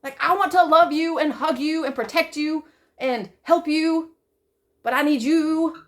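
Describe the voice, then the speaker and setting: Emotional woman venting, fairly high voice. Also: measured pace. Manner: swears often, repeats herself, swings from loud to soft. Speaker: vlogger. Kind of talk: emotional personal monologue.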